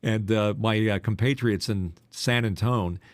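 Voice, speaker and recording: A man's voice: lowish voice, measured pace, no room sound. An older man, a former radio DJ, co-hosting a casual podcast chat, teasing and telling stories with a trained broadcast delivery.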